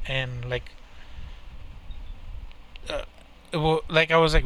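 A man's voice: mid-range voice, steady tone, measured pace, pauses often, bright, forceful tone, poor audio. A young man hosting a podcast, telling a rambling, profane story in casual banter. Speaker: podcast host.

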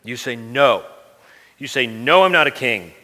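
A man's voice: medium pitch, expressive, unhurried, bright, forceful tone, long reverb tail. A man voicing a weary, blunt middle-aged Roman governor who talks in an impatient, sarcastic, streetwise way. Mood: exasperated.

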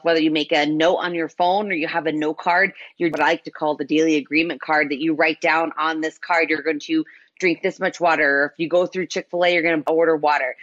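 A woman's voice: fairly low pitch, fairly bright tone, no room sound, muffled recording. A woman explaining habit change in an earnest, coaching way during a casual interview. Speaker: health coach guest.

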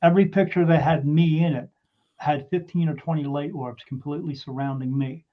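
A man with a fairly high voice tells his own story in a loose, excitable way. He curses freely and trips over his words as he restarts sentences. The recording sounds dull and lo-fi. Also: fairly quick. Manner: animated, swears freely, frequent restarts and fillers. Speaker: guest telling a personal story. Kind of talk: casual spoken storytelling.

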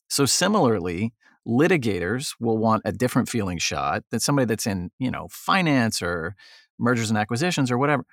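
Interviewed as a guest photographer, a man tells stories casually and animatedly, acting out quotes as he goes. He speaks briskly at a medium pitch, in studio-quality audio with no room sound.

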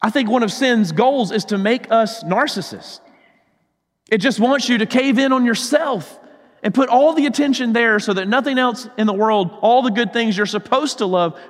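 A high-voiced male pastor with a Southern accent delivers a sermon. He drives hard in urgent passages and then sinks to a near-hush. His voice trails off into a long, echoing reverb. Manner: swings between loud urgency and hushed, low intensity.

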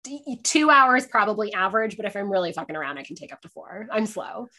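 A woman's voice: mid-range voice, fast talker. Chatty, swearing woman telling stories. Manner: chatty, swearing, animated storytelling with laughs. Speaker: drag performer guest. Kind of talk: casual interview chat. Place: sitting by a window, on a video call.

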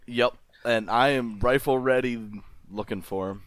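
A man's voice: mid-range voice, a little slow, smooth, dry recording. A man playing a tabletop game, eagerly describing his character's actions in casual talk. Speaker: player.

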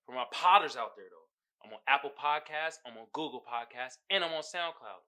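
A man hosting his own podcast in casual solo chat, slangy and animated, laughing often. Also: mid-range voice, a little fast. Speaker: podcast host.

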